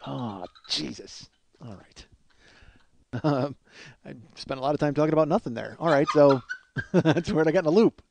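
A man's voice: fairly high pitch, expressive, normal speed, vocal fry, pauses often, a little mellow, a little hiss or hum. A man in his forties hosting a podcast, rambling through a crude comedic monologue, mocking himself and laughing at his own jokes. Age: 40s. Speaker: podcast host.

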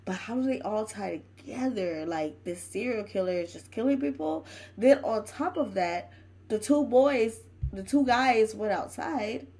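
A woman hosting her own horror reaction channel, talking back to the screen in an emphatic, excitable, chatty way. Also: mid-range voice, a little slow, breathy edge, poor audio. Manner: chatty, uses homespun comparisons. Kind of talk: casual reaction commentary.

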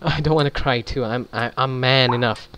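Man, gaming commentary, chatty, thinks aloud, mid-pitched voice, faint background hiss. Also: steady tone, normal speed. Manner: chatty, reacts aloud while thinking through choices. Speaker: gaming channel host. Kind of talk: video game commentary, reading choices aloud.

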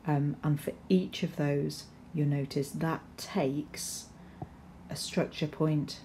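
Woman English teacher, low and mellow, explains patiently with ums, faint background noise. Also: slow pace. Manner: explanatory, steady, with frequent ums and restarts. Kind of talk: recorded poetry lesson with slides.

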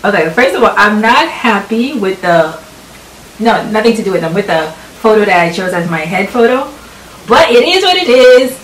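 A woman in a casual vlog, talking nervously and excitedly, breaking into squeals and laughter. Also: a little high, moderate pace, roomy sound, far from the mic, slight background noise, poor audio. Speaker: vlogger.

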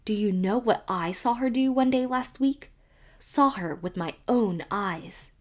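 A woman's voice: mid-range voice, lively intonation, a little slow. A woman doing an emphatic scandal-loving spinster. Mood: scandalized. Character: sharp-tongued scandalized spinster neighbor.

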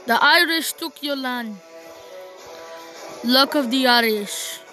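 A young gamer casually commenting on a strategy game she plays, rambling to herself and giving shout-outs to viewers. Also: high voice, slow, over music, rough recording. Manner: rambling, talks to herself while playing. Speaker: gaming channel host.

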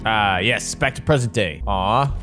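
A man's voice: fairly low pitch, unhurried. Joking young man doing game commentary. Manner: joking, excitable. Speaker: YouTuber. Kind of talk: gameplay commentary. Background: game music.

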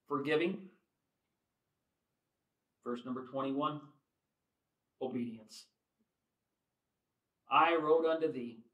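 A middle-aged man preaching a sermon in a church, shifting from soft, slow reflection to loud, emphatic appeals. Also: a little high, echoey room, low-quality recording. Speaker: pastor. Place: church sanctuary.

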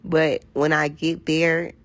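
A woman with a hoarse, raspy voice, chatting casually to viewers on a phone livestream in a candid, profane, rambling way. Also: sits low, level tone, takes it slowly, dry recording. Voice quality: raspy, gravelly voice.

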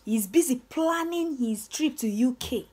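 Nigerian woman vlogger, young, slightly high voice, scornful rant, stammery and repetitive. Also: animated, a little slow, a little mellow. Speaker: channel host. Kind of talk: ranting commentary vlog.

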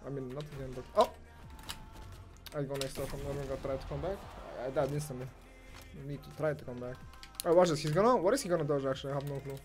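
A young gamer streamer with a medium-pitched voice talks fast while commentating on his own gameplay, with faint music behind him. He's excitable and foul-mouthed, swearing and ranting as he swings from mumbling and muttering to outright yelling.

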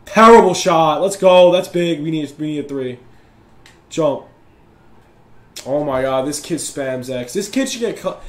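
Loud competitive young gamer guy. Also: a little high, lively intonation, unhurried, long pauses, echoey room. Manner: competitive, yells and complains at opponent. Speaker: gaming YouTuber. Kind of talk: live gameplay commentary.

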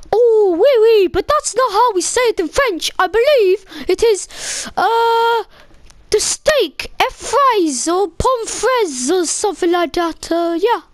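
A woman's voice: very high voice, lively intonation, slow, dry recording, heavily acted. A woman voicing a cheerful female French teacher who is poor at French, dropping in mock French phrases during a game role-play. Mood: gushing.

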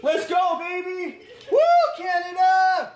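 A man shouting and screaming with joy, swearing as he celebrates. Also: extremely high pitch, little pitch movement, slow pace, reverberant. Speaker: celebrating fan.

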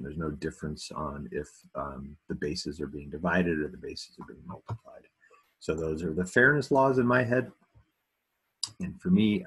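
Math teacher, male, very low and husky, relaxed lesson tone with joking asides. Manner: casual, self-deprecating asides. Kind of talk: recorded video lesson.

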